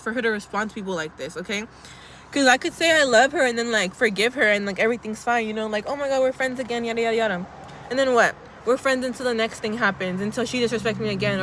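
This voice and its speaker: Young woman, casual vlog pep talk, blunt, sweary, mid pitch, faint city noise. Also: fairly bright tone. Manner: chatty, blunt, sweary, calls viewers girl. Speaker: vlogger.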